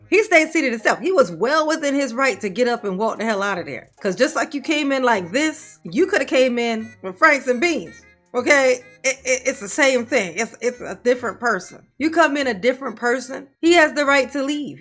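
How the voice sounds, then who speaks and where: A woman hosting a reaction commentary show, sassy and quick with jokes, laughing often. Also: fairly high pitch, fairly bright tone. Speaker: commentary channel host.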